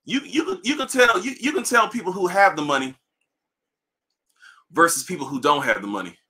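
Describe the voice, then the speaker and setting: A man hosting a livestream, ranting in a casual, profane way, animated and repeating himself. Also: sits high, fairly quick. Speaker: livestream host. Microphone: livestream mic.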